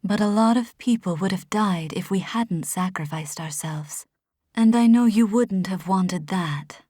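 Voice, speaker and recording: Woman playing a loving mother, gentle, near-whispered, slow, dry close sound. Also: medium pitch, no room sound, natural voice. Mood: tender. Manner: soft, tender, near-whispered.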